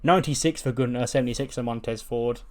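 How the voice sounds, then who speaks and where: Fast and darkish in tone at medium pitch, a game channel host casually goes over a wrestling sim game. His let's-play commentary is loaded with fillers and swearing.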